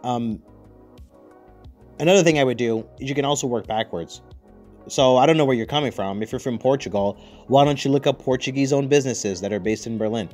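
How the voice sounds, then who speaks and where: A man's voice: mid-range voice, brisk, a little mellow, faint music behind. Profane joking man. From United States. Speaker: podcast host. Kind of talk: casual chat.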